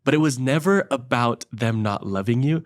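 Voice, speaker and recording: A man's voice: mid-range voice, expressive. A young man co-hosting a faith podcast, thoughtful and earnest in casual chat. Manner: thoughtful, earnest, builds his point slowly. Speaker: podcast co-host.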